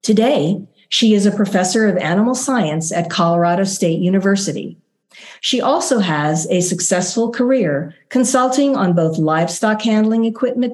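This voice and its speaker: A woman hosting an interview, reading a prepared introduction and asking questions in a measured, polite way. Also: medium pitch, darkish tone. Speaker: interview host.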